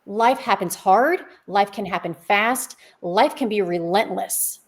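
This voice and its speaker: A woman's voice: mid-range voice, unhurried. A woman co-hosting a faith podcast, speaking in a reflective, explanatory way with rhetorical questions. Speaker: podcast co-host. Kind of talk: conversational faith podcast talk. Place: podcast studio.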